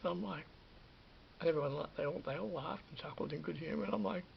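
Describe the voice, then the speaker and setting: Gravelly aussie guy about 50 rambling through a story, slips into whispers, dull lo-fi sound, faint hiss behind. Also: on the high side, quick pace. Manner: rambling, restarts, drops to a whisper at times. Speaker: vlogger recalling film work. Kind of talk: casual anecdotal monologue. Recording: dull lo-fi recording.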